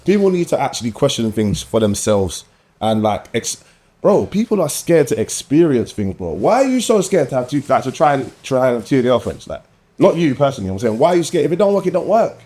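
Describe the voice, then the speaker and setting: A man's voice: mid-range voice, big pitch swings, fast, dark tone. A man, a podcast guest, talking in an insistent, slangy way. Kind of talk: casual chat.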